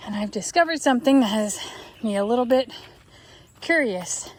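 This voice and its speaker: A woman's voice: a little high, animated, brisk, a little mellow. A woman chatting casually to the camera outdoors on a farm while doing chores. She talks to herself and makes playful asides to her viewers. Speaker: vlogger and horse owner.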